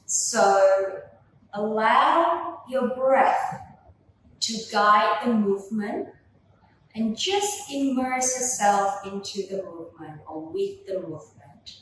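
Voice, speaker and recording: Gentle high-voiced woman guiding Pilates. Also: very animated, a little hiss or hum. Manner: gentle, slow and soothing cues. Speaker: Pilates instructor. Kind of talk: guided workout instruction. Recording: echoey room, voice from a distance.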